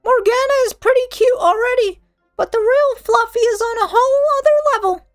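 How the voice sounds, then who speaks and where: A gushing, cuteness-crazed young girl with an extremely high, squeaky voice, as a man puts her on while reading a game's lines. She squeals with eager delight, every sentence bubbling over. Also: fairly quick, faint music behind. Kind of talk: reading game dialogue aloud.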